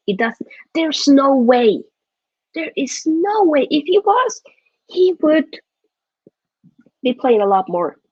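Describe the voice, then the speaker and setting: A woman's voice: on the high side, husky, dry recording, highs cut off. A woman hosting a live football watchalong, chatting casually and rambling, often correcting herself mid-sentence. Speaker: football vlogger host.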